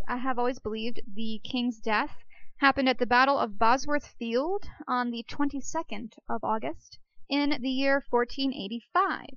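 A woman hosts an archaeology podcast as a casual educational monologue, chatting and joking between facts with self-deprecating asides. Her voice is high-pitched and a bit bright, on a muffled recording without echo.

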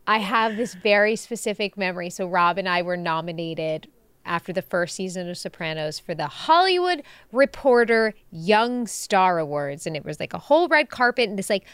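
A woman co-hosting a podcast, telling stories in an expressive, emotional way during casual chat. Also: medium pitch, moderate pace, clear, resonant tone, no echo. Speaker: podcast co-host.

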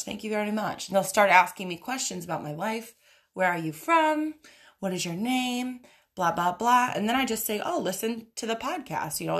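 A woman's voice: medium pitch, fairly bright tone. Young female podcast host, casual profane monologue, brash ranting manner.

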